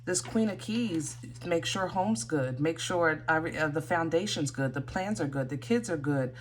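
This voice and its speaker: Low-voiced woman giving a chatty tarot reading. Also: normal speed. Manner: chatty, thinks aloud with many fillers and restarts. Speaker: tarot reader.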